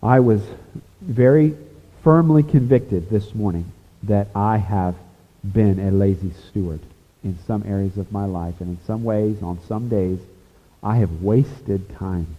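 A pastor preaching a sermon, earnest, rising to emphatic points and dropping to a hushed, confessional tone. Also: male voice, on the low side, a little slow. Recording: echoey hall over a tinny phone-like line.

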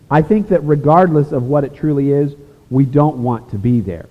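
A pastor preaching a sermon, earnest, rising to emphatic points and dropping to a hushed, confessional tone. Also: male voice, fairly high pitch, normal speed. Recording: echoey hall over a tinny phone-like line.

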